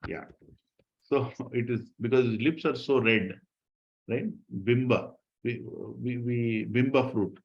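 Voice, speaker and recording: A man teaching a devotional scripture class, telling the stories in an animated way and laughing often. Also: medium pitch, slow. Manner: animated storytelling with frequent laughter. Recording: dull lo-fi recording.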